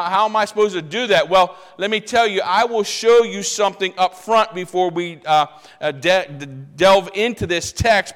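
Emphatic high-voiced older preacher. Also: male voice, a bit bright, big-room sound. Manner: emphatic, conversational, repeats points with many restarts. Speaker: pastor. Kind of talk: sermon.

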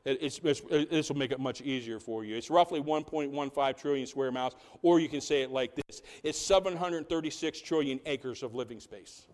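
A man's voice: medium pitch, fairly quick, few pauses, darkish tone. A man preaching a sermon in a church, full of rhetorical questions and building emphasis. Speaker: pastor. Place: church sanctuary.

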